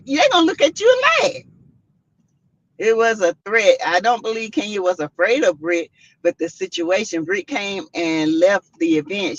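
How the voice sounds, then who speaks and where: A woman hosting a casual commentary stream, reading out chat comments and making her points with animated, repetitive emphasis. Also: mid-range voice, no echo. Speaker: host. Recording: dull lo-fi sound.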